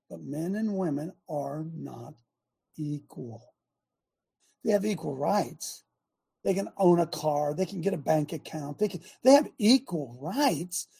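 An older man with a high, husky voice rants as a show host, fired up and emphatic. He drives each point home by saying it again and again. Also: darkish tone. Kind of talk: impassioned opinion monologue.

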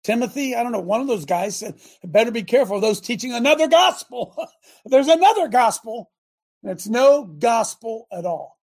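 An older man hosting a talk radio show, delivering a fiery, repetitive preachy rant that rises to shouts. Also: very high-pitched, lively intonation, normal speed, slightly rough.

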